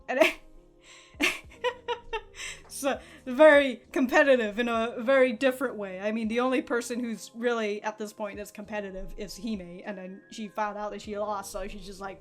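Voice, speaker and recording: A woman's voice: fairly high pitch, lively intonation, moderate pace, soft background music. A young woman hosting an anime reaction, chatting casually, laughing often, swearing freely and restarting her sentences.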